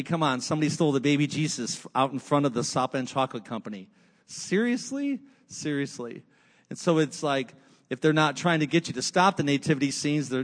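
A man preaching a sermon, with repetitive rhetorical lists and casual conversational asides. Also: fairly high pitch. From United States. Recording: long hall reverb.

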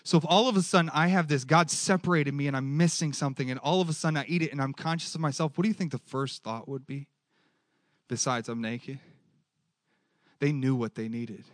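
Animated male preacher, higher voice. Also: fast talker, no echo, studio quality. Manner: animated, asks the audience questions. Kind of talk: sermon.

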